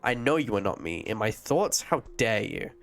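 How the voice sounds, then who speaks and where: A solemn, ancient echo of a spirit, put on by a man, lower than his everyday voice and speaking in slow, archaic, formal lines. This is a live-streamed role-play. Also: sing-song, vocal fry, fairly bright tone, heavily acted. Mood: unsettled.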